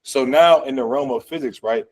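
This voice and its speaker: Teaching college physics in a classroom that's streamed online too, this man has a mid-range, slightly mellow voice and a moderate pace. His style is conversational and filler-heavy, with frequent questions to the class, and the recording is rough.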